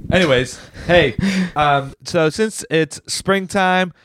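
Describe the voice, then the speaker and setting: A man co-hosting a church podcast, chatting casually and telling stories in an animated, joking way. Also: a little high, takes it slowly, a little hiss or hum. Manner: animated, jokey storyteller. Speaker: podcast co-host, church worker. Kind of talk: casual chat.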